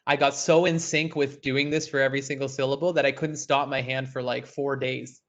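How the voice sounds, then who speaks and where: Animated man leading a puppetry workshop. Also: mid-range voice, brisk. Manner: animated, demonstrates puppet voices, asides. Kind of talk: virtual workshop teaching. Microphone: video call. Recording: dull lo-fi online call audio.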